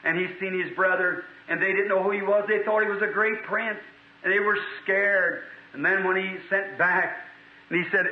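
A man's voice: high-pitched, moderate pace. A man preaching a revival sermon, telling a story in a fervent, folksy way. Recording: tinny archival hall recording.

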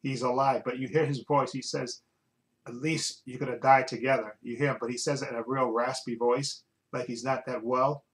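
A man's voice: medium pitch, level tone, a little fast, few pauses, fairly bright tone, rough recording. A man casually recapping a TV episode as a reviewer, rambling and often restarting while he searches for words.

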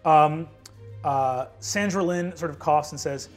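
A man narrating a tabletop game as game master, lively and peppered with fillers between vivid scene-setting. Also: on the high side, slow, soft background music.

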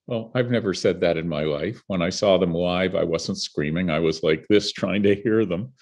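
Husky older Canadian man telling stories. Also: low voice, moderate pace. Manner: animated storyteller who acts out the people he quotes. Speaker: guest filmmaker. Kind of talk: storytelling in a conversational interview.

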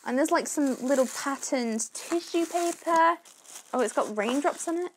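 A woman vlogger chatting through an unboxing, excitable and gushing, with lots of fillers. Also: high-pitched, normal speed. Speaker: YouTube beauty vlogger. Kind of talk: unboxing vlog chat.

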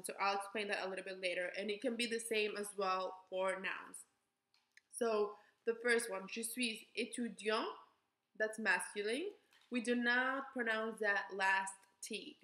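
A young adult woman teaching a beginner French class, switching between French and English and slowing down to model pronunciation. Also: mid-range voice, fairly bright tone, echoey room. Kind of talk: recorded class lesson.

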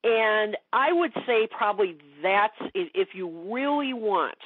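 Woman guest chatting on a phone-like line, breathy voice, lots of um and you know. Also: medium pitch, animated, unhurried, dry recording. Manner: chatty, many fillers and restarts. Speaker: guest expert. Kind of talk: casual interview chat. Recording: dry phone-like call audio.

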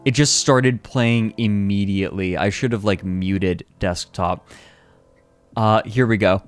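A man streaming casually, who laughs often, exclaims loudly and reads chat aloud. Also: on the low side, slow pace, no room sound, soft background music.

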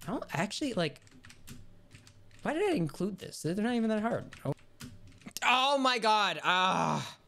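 A woman streamer giving casual commentary over her gameplay, talking to herself and swearing and yelling when she gets frustrated. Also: medium pitch, very animated, a little slow, creaky, long pauses. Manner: talks to herself while playing. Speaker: gaming streamer.

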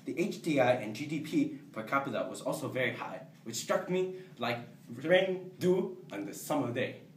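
A young man playing a humble, hopeful job applicant who speaks in simple, halting phrases in an amateur comedy sketch. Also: medium pitch, lively intonation, lightly acted. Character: humble, hopeful male applicant Mister Yoon. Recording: roomy, distant, faint background noise.

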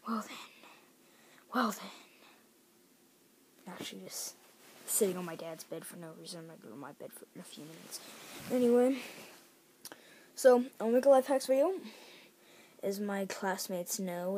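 A woman's voice: medium pitch, measured pace, pauses often, darkish tone, slight background noise. A teenage girl rambling chattily in a casual home vlog from a bedroom. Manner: rambling, chatty, lots of fillers and restarts. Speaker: vlogger.

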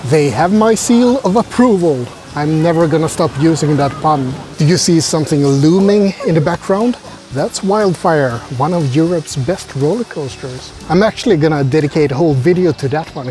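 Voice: mid-range voice, lively intonation, moderate pace, mellow, faint music behind. A travel vlogger narrating casually outdoors at a zoo, joking to the camera and chatting to the animals. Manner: playful, jokey asides, chatting to animals.

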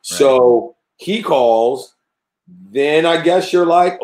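A man hosting an interview podcast, recapping and framing questions in a halting way with many repeated words. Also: fairly high pitch, darkish tone. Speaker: podcast host. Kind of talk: conversational interviewing. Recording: roomy echo.

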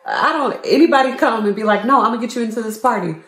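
A woman's voice: fairly high pitch, animated, rapid-fire, fairly bright tone. Emphatic woman in an echoey room. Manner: emphatic, repetitive, profane. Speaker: co-host. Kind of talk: casual commentary chat.

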